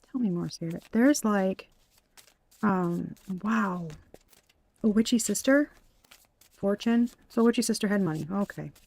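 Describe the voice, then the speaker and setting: A young woman giving an excitable tarot reading, exclaiming, gasping and swearing as she goes. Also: medium pitch, creaky. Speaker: tarot reader.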